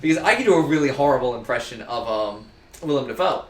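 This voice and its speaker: A man's voice: mid-range voice, animated, quick pace. Rambling young man in an echoey room. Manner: rambling, goofy, swears a lot. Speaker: let's play host. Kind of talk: casual gaming chat. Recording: roomy echo with faint ambient noise.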